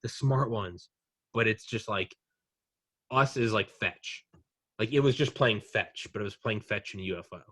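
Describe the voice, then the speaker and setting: Telling a meandering, profanity-laced tale, a young man hosting a laid-back podcast does voices for drunk aliens in the quoted bits. He speaks at a normal speed in a lowish, fairly bright voice, recorded without echo.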